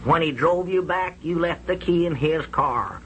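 An actor playing a timid, excitable storekeeper who whines and protests, in an old-time radio comedy. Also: male voice, on the high side, measured pace, a little hiss or hum, rough recording. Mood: arguing. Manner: whiny, jittery, protesting. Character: timid, excitable older male country storekeeper.

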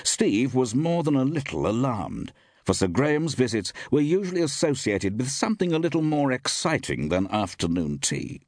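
An audiobook narrator reads a scripted story with expressive, varied delivery. His mid-range voice moves at a normal speed, and the recording is dry with clean studio sound.

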